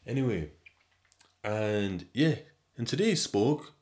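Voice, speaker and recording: A man, hosting a podcast and telling a story in a casual monologue, animated and slangy, repeating himself and swinging between loud and quiet. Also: a little fast. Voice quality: deep voice. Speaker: podcast host.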